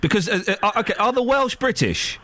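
A man's voice: sits high, expressive, fairly quick, bright, forceful tone. A man hosting a radio phone-in, teasing callers with repeated questions.

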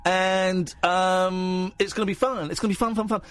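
In a studio, a man hosts a casual late-night phone-in radio show, chatty, jokey and rambling, using a studio mic with headphones. His voice sits high and a bit bright, with a steady tone at a normal speed.

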